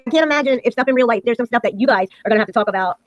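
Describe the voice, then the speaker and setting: A woman hosts a livestream, talking at a rapid clip and cutting in bluntly. Her audio is dull and lo-fi, dry with no room sound. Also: fairly high pitch, dry recording. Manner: blunt and interjecting. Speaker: livestream host. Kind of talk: livestream talk.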